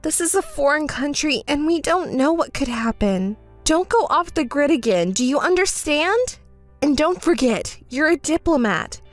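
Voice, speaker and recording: A woman's voice: high voice, lively intonation, moderate pace, faint music behind. A woman voicing a hurt, indignant young bride in a text story, scolding and sarcastic. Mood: cold.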